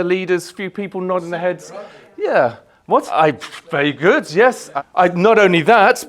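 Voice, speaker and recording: Man, motivational speaker, slightly high voice, energetic, playful, live talk. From Yorkshire, England. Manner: energetic, playful, leads crowd chants. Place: indoor event hall, live audience.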